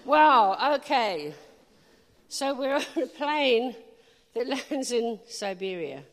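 A woman preacher telling a lively story in a sermon, laughing often and asking the crowd questions. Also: a little high, slow pace. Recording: long hall reverb.

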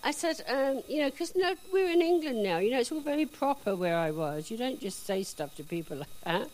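A woman telling a personal faith testimony in a chatty, animated storytelling way. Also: a little high, a little fast, poor audio. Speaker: speaker giving a testimony.

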